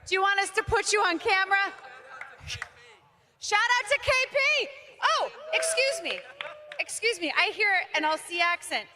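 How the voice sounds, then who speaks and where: Very high, bubbly woman in a roaring arena. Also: lively intonation, moderate pace, long pauses. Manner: bubbly, hypes the crowd loudly. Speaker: crowd interviewer. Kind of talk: live arena crowd interviews. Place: large indoor arena among the crowd. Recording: roaring arena crowd behind.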